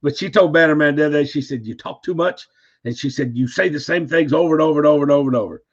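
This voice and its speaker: A man's voice: a little high, very fast, dry recording, dull audio. A man who is a guest on a livestream, chatting casually in an easygoing, laid-back way. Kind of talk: casual chat.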